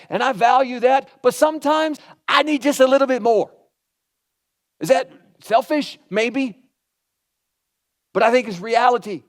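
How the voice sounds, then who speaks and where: A man with a high voice preaches a sermon. He talks to the room in a chatty way, with rhetorical questions and quotes that he acts out. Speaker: pastor.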